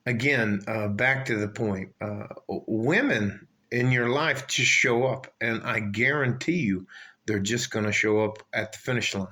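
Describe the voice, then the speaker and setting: A man's voice: lowish voice, a little slow, pushed and bright. An older man telling a rambling, profane story in a casual rant, often trailing off and circling back. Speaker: vlogger.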